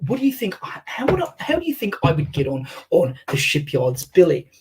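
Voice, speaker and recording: A man's voice: fairly high pitch, wildly swooping pitch, normal speed, slight background noise. A man hosting a live question session, reading out audience questions with many fillers. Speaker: host taking audience questions. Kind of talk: casual live-stream chat.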